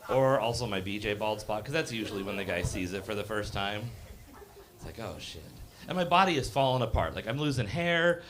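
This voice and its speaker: A man's voice: on the low side, lively intonation, quick pace, hardly any pauses, fairly bright tone, slight background noise. Rambling self-mocking man in his fifties. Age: 50s. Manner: rambling, self-deprecating, filler-heavy delivery with acted-out voices. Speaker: stand-up comedian. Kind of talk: live stand-up set. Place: live comedy cafe stage.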